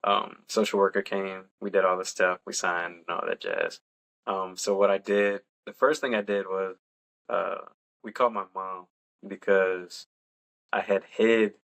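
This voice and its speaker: A relaxed young man chats through a personal story on a podcast, laughing now and then. His voice sits low and has a gravelly edge. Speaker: podcast co-host. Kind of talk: casual storytelling.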